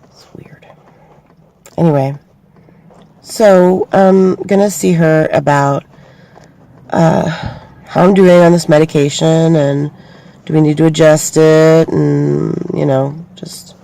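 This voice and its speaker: Slow, gravelly middle-aged woman vlogging. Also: low voice, fairly even intonation, dark tone. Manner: rambling, filler-heavy, self-deprecating. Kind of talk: casual vlog chat.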